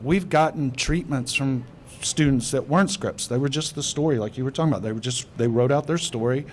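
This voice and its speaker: A man's voice: medium pitch, fairly quick, a little hiss or hum. A man filmmaker on a panel giving writing advice in a rambling, conversational way.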